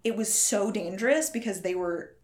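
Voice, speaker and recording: Woman, casual podcast co-host, lively movie recap, chatty, mid pitch. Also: normal speed. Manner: animated retelling with acted-out quotes, swears casually.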